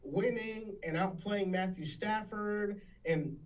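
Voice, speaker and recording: A man's voice: high-pitched, slow, far from the mic, rough recording. A man on a sports debate show asking questions and setting up the debate.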